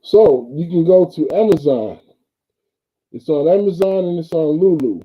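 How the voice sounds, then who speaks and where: A man's voice: a little high, measured pace, husky. Easygoing man, dull lo-fi sound. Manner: easygoing, says "man" and "bro" often. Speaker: football coach and author. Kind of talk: casual sports talk.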